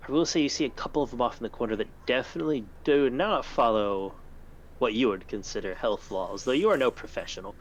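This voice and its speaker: A man's voice: medium pitch, quick pace, a little hiss or hum. A man narrating a tabletop game as game master, describing scenes in a loose, rambling way with many fillers.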